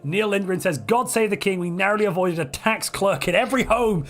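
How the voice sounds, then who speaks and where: A man hosting a multiplayer strategy game livestream, hoarse from a chest infection, joking in a playful, theatrical way. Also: high-pitched, a little fast, few pauses, a bit bright. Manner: playful, theatrical royal pronouncements. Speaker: streamer host.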